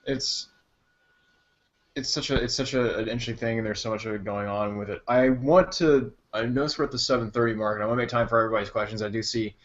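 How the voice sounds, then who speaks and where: A man hosts an online interview in a loose, halting manner, steering toward audience questions. His audio sounds dull and lo-fi, like a video call. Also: mid-range voice, steady tone. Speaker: interviewer host. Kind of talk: casual interview chat.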